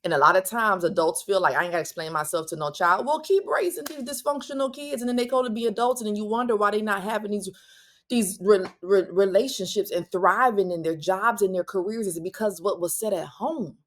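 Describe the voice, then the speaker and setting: Hosting a parenting podcast on her own, this woman has a mid-range voice and a direct, blunt manner, peppering her talk with quick asides and restarts.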